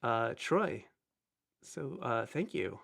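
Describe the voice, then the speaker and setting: A man in his thirties hosts a casual live stream, his voice slightly nasal and pitched in the middle range. He chats in a loose, rambling way and pokes fun at himself as he greets people. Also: big pitch swings, slow, creaky, a bit bright. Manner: chatty, rambling, self-deprecating. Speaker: livestream host.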